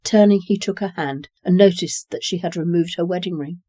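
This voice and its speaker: A calm narrator reading a short story at a measured pace. The voice is mellow and warm, recorded close and dry with no room sound. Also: medium pitch, dry recording.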